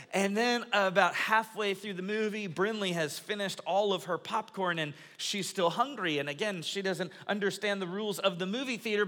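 A man in his thirties, a pastor delivering a sermon to his congregation as an animated storyteller, in a large church auditorium. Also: sits high. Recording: long reverb of a large hall.

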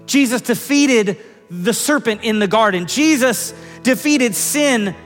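A man's voice: very high-pitched, lively intonation, slow, soft background music. A man preaching a sermon, telling a family story in an earnest, conversational way and often repeating words. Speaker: pastor. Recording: long hall reverb.

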